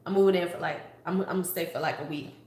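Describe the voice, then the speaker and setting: A woman's voice: on the low side, fairly even intonation, rapid-fire, darkish tone. Chatty woman in a roomy echo. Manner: chatty, playful, talks straight to viewers. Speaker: beauty vlogger. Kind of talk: casual live-stream makeup chat.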